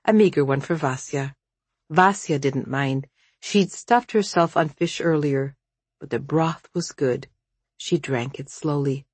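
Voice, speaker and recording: A woman reading a story aloud as narrator, in a measured, steady way. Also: low-pitched, no echo. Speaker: audiobook narrator. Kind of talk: scripted narration.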